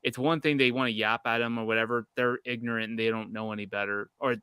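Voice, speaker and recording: Bright, crisp-voiced man, heated rambling. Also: medium pitch, steady tone, fast, no room sound. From Canada. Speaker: podcast host. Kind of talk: casual podcast chat.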